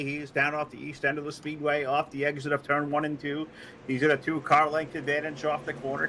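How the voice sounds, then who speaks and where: Folksy race announcer, a man with a higher voice, self-deprecating and excitable, over clear track noise. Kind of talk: live racing commentary.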